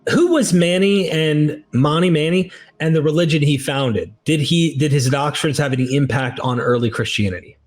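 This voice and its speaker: A man hosting, reading audience questions to a guest in a measured way. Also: fairly high pitch. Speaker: host.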